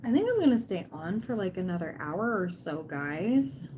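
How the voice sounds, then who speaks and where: A woman's voice: fairly low pitch, very animated, normal speed, darkish tone, a little hiss or hum. A woman hosting a tarot livestream, chatting casually and cheering on her viewers, often quoting people in playful voices.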